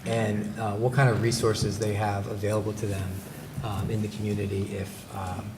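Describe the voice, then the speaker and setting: In an echoey meeting room with background noise, a man delivers a formal presentation about his company's supplier outreach at a public meeting, picked up by a table microphone. He has a lowish voice with little pitch movement and speaks at a moderate pace. His delivery is halting, full of fillers and false starts.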